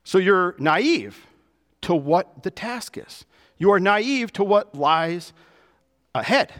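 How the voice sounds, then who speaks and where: A man preaching a sermon to his church, with animated delivery that rises and drops to soft, emphatic lows. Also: slow pace, big-room sound. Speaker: pastor.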